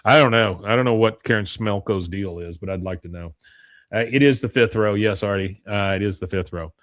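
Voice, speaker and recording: A man's voice: on the low side, fairly quick, fairly bright tone, no echo. A man hosting a podcast, chatting casually through a show recap, laughing often and filling his speech with uhs. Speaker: podcast host. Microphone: close mic, live stream.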